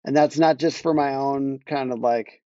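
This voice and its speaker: A man's voice: medium pitch, steady tone, normal speed, warm tone, dry recording, muffled recording. A man talking casually on a podcast about marketing, rambling and restarting his sentences as he tells a story. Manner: rambling, self-interrupting, laughs while telling stories. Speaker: guest, marketing agency owner.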